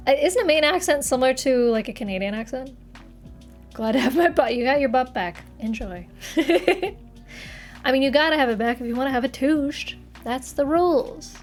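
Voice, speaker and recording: A young woman with a northern US accent chats on a livestream, her fairly high voice bright with giggles as she banters with viewers. She talks into a desk mic with faint music underneath. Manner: chatty, giggly, answers viewer chat playfully. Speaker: streamer. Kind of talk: casual livestream chat. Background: faint background music.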